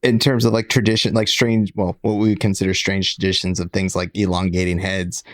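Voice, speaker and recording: Low voiced guy on a podcast, careful and hedgy, throws in fancy words, dry mic. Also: little pitch movement, dry recording. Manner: measured, hedging, uses fancy words. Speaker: podcast co-host. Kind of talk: casual chat.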